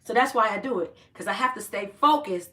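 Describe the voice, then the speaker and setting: A woman's voice: medium pitch, lively intonation, fairly quick, sharp tone, far from the mic. A woman hosting a casual livestream, chatting with viewers, greeting them by name and giving upbeat encouragement. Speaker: livestream host. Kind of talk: casual live-stream chat.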